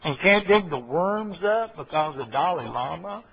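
Husky folksy preacher man. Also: a little high, expressive, a little slow. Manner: folksy, rambling asides and asking listeners "okay?". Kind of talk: folksy sermon. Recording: dull lo-fi recording.

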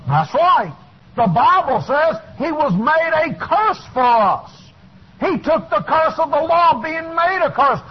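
In a sing-song, slow delivery, a male preacher gives a fiery sermon, shouting points and then dropping to hushed asides. The recording is lo-fi and dull.

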